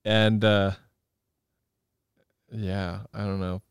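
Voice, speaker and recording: A man co-hosting a casual movie discussion podcast, talking in a thoughtful, halting way with frequent ums. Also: on the low side, little pitch movement, smooth, no room sound, studio quality. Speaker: podcast co-host.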